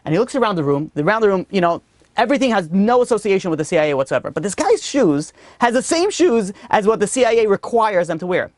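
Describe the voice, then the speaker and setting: A man's voice: high voice, quick pace, no echo. Man telling a teaching story, dry sound. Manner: lively storyteller with frequent "you know" asides. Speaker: rabbi teaching a weekly class. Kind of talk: storytelling religious lesson.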